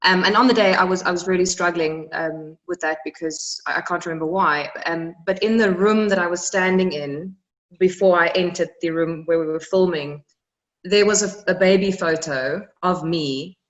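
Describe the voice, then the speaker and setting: Young south african woman, interview guest, earnest and reflective, lowish voice. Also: normal speed, highs cut off. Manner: reflective, earnest, repeats words when moved. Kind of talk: emotional personal storytelling.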